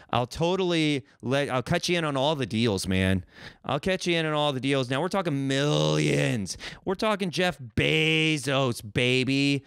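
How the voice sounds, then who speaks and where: A man's voice: mid-range voice, fairly bright tone, clean tone, dry recording, studio quality. A man from Missouri hosting a solo podcast, rambling and joking with a profane, self-mocking streak. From Missouri, United States. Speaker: podcast host.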